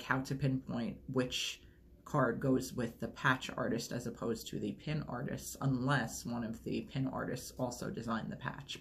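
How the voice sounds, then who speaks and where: A woman's voice: a bass voice, gravelly, a bit bright, a little hiss or hum. A woman chatting casually through an unboxing video, rambling and gushing over each item. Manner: enthusiastic, gushing. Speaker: unboxing vlogger.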